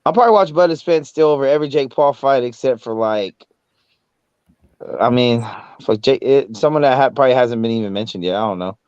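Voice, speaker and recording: A man's voice: mid-range voice, lively intonation, brisk, darkish tone, smooth, no echo. A man co-hosting a casual boxing talk show, in laid-back slangy banter. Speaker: podcast co-host. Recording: dry, dull lo-fi sound.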